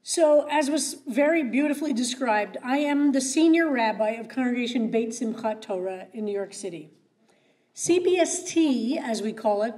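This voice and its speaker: A woman's voice: a little high, darkish tone. A woman rabbi speaking as a guest at a meeting, earnest with wry asides. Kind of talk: public talk. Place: meeting room.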